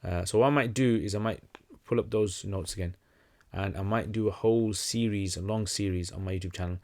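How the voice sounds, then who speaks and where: A young man chats through a livestream Q&A at an easygoing pace, his voice sitting a little low. He often stops to restart a thought and fills the gaps with ums and uhs. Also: brisk. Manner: relaxed, conversational, many fillers and restarts. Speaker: livestream host answering questions. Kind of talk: casual livestream Q&A.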